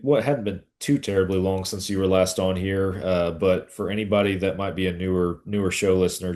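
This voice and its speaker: A man hosting a podcast, asking questions in a casual, halting way with many restarts. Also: low-pitched, a little mellow. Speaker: podcast host. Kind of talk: casual interview.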